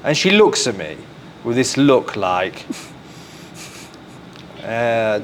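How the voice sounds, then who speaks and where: English man, English accent, live podcast guest, chatty animated storyteller, middle pitch. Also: very slow, long pauses, a little hiss or hum. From England. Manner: animated, acts out quoted speech, full of "like" fillers. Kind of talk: casual storytelling.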